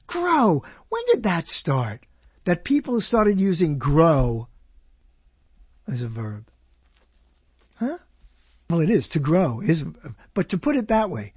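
Husky, grumbling man muttering at his computer. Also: a little high, very animated, a little slow, long pauses, darkish tone, no echo. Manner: grumbling, sarcastic asides, muttering to himself. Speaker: vlogger. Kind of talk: casual rambling commentary while checking email and mail. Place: at home at a computer.

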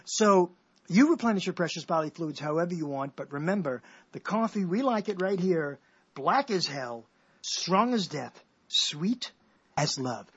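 Playful husky male radio host. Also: fairly high pitch, expressive, a little slow, fairly bright tone. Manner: playful, riffing, mock-dramatic. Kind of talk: rambling comic radio talk. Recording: dull lo-fi radio recording.

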